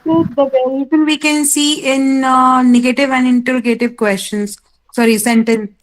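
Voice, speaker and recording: A woman's voice: high voice, level tone, normal speed, soft background music, rough recording. A woman student practicing sentences in an online class, hesitant and correcting herself.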